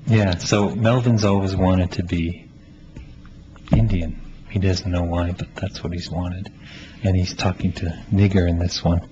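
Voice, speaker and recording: A playwright from Canada, a man answering interview questions in a thoughtful, halting way, with frequent laughs. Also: low voice. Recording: slightly muffled with faint hiss.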